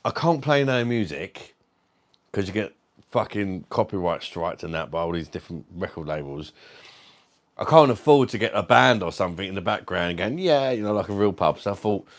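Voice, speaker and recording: Deep-voiced British streamer, jokey and sweary. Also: male voice. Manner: jokey, self-mocking, swears freely. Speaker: live stream host. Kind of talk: casual chat while reading live comments.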